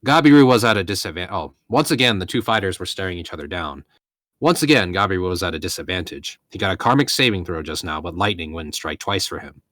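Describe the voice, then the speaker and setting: Deep-voiced man reading a novel aloud. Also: fast, dry recording. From Colorado. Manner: steady narration, occasional self-corrections. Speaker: reader of a light novel.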